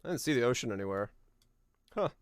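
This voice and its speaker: A man's voice: medium pitch, big pitch swings, fast, clear, resonant tone, no room sound, studio quality. Laid-back male streamer musing aloud. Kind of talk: casual live-stream chat while playing a geography game.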